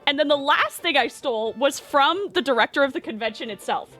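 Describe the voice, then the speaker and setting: A young woman streaming, chatting excitedly and cooing to her pet bird. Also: sits high, brisk. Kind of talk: casual chat on stream.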